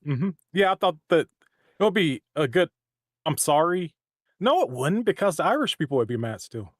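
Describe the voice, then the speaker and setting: A man's voice: on the high side, sing-song, moderate pace, no room sound, clean studio sound. A man chatting casually on a livestream, rambling and restarting his sentences often. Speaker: voice actor and stream co-host. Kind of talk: casual chat.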